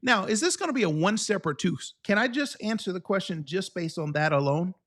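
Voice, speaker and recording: A man's voice: high-pitched, animated, a little fast, fairly bright tone. A man coaching a live online exam-prep class, teaching steps and often checking in with the viewers.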